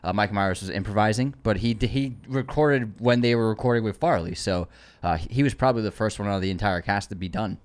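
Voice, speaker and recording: A man's voice: on the low side, fairly quick. Talkative man on a movie podcast. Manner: talkative, defensive in friendly argument. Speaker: podcast co-host. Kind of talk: casual movie podcast chat.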